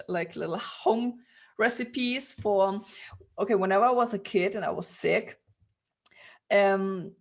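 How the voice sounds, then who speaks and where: Woman, Ukrainian accent, casual interview chat, candid, laughs a lot, salty language. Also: mid-range voice. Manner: candid, laughing, swears freely. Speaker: podcast guest.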